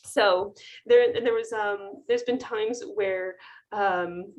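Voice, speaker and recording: A woman veterinarian in her thirties talks through a webinar from a video call. She tells clinic stories in a loose, chatty way, laughing often and restarting her sentences. Her voice sits in a middle pitch. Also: steady tone, slow, muffled recording. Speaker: avian veterinarian. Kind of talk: webinar talk, casual storytelling.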